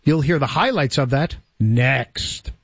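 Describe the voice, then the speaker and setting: A man's voice: mid-range voice, lively intonation, slow, noisy background. A man hosting a sports radio show in a playful, self-mocking chat, reading listener tweets aloud. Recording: dull lo-fi radio audio with faint music.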